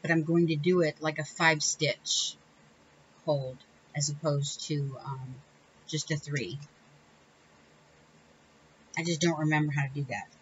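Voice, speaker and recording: A woman's voice: deep voice, steady tone, measured pace, pauses often, muffled recording, slight background noise. A woman hosting a casual crafting video, chatting in a rambling, self-correcting way with small laughs. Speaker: crafting channel host. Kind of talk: casual crafting tutorial chat.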